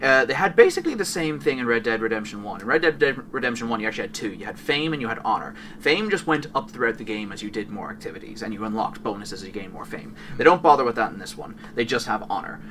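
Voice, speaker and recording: A man's voice: mid-range voice, big pitch swings, fast talker, hardly any pauses, pushed and bright, far from the mic, slight background noise. A man co-hosting a podcast, chatting casually and enthusiastically about video games, often correcting himself mid-sentence. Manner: rambling, enthusiastic, self-correcting. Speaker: podcast co-host. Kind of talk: casual gaming chat.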